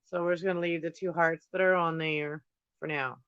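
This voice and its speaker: A man's voice: fairly high pitch, little pitch movement, a little fast, a bit bright, smooth, dry recording, lo-fi sound. A man chatting casually on a home livestream while painting, thinking aloud and drifting from topic to topic. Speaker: livestream host painting on camera. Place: indoors at home.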